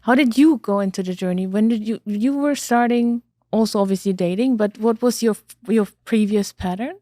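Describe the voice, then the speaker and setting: A woman's voice: medium pitch, moderate pace, dark tone, no room sound, studio quality. A woman hosting a podcast, asking thoughtful follow-up questions in a casual interview. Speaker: podcast host.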